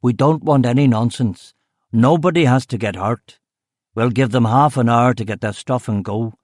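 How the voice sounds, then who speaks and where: Brief: cool-headed male mob boss in an audiobook, blunt and threatening, as the narrator reads him, mid-pitched and dry. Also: moderate pace, darkish tone, dry recording, natural voice. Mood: menacing. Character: menacing male street gang ringleader.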